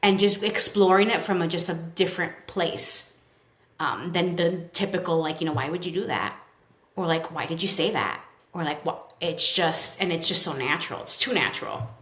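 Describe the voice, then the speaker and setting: Recorded with a roomy echo, a child therapist from Brooklyn chats on a podcast in a New York accent. Her voice sits on the low side and sounds fairly bright, moving at a moderate pace. She's chatty and full of fillers, and she performs kids' quotes as she goes.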